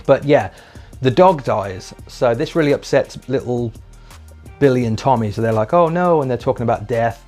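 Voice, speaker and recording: A man's voice: mid-range voice, moderate pace, a little mellow, faint music behind. A man giving a chatty, enthusiastic spoken review, swearing casually and briefly acting out lines in put-on voices. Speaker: video reviewer.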